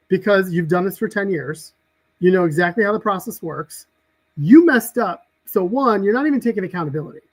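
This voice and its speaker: A man guesting on a casual podcast tells stories from work, acting out the people involved and performing their quoted exchanges with animation. His voice is high-pitched and moves at a moderate pace. The audio quality is poor.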